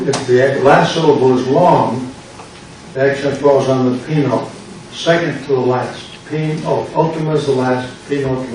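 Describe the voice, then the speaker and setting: An older man, a pastor, slowly and patiently explaining grammar in a classroom lecture. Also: medium pitch, darkish tone. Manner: slow, patient explaining with repetition. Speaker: pastor teaching a Greek class. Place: church classroom. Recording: echoey classroom from far off with background noise.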